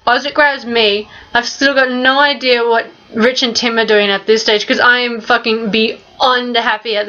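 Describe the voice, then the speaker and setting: A young woman narrating her vlog in a voice-over, telling an excited fan story with casual swearing. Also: fairly high pitch, dull audio. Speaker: vlogger.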